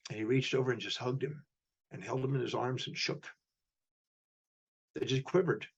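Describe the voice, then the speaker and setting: A man tells a story as an interview guest, acting out each line of dialogue. His voice is somewhat husky, at a middle pitch for a man. The recording is slightly muffled and lo-fi. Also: fairly even intonation, moderate pace. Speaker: guest, human behavior specialist.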